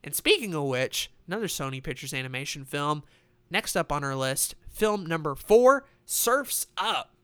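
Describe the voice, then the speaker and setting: A young man casually reviewing animated films, excitable and swearing freely. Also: a little high, normal speed, smooth. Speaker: film reviewer.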